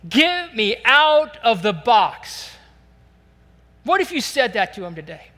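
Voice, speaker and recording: An earnest male pastor delivers a sermon at a church service, his voice high and bright. He preaches with animation and drops into heartfelt prayers spoken in the first person. A long reverb from the church hall trails behind him. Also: big pitch swings, slow.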